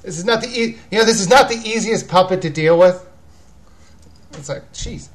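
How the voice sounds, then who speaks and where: Higher-voiced man rambling on a live chat. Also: moderate pace. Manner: rambling, answering viewer questions. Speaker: video game reviewer and host.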